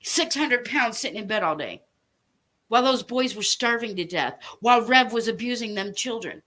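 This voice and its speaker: A woman's voice: on the high side, lively intonation, normal speed, bright, forceful tone. A woman delivering an angry, profane rant straight to her viewers, making threats and hammering her points with emphasis. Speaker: online commentator. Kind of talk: angry direct-to-camera rant.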